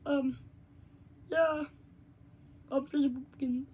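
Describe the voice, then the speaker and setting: A man's voice: very high-pitched, steady tone, slow, darkish tone. A boy putting on the voice of an eager young male internet character who loves anime. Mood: cheery.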